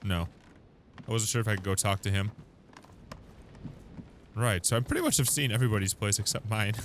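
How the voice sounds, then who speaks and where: A man's voice: on the low side, brisk, slight background noise. Chatty young man narrating gameplay. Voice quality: chatty, laughs often. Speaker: gaming YouTuber. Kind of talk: let's play commentary.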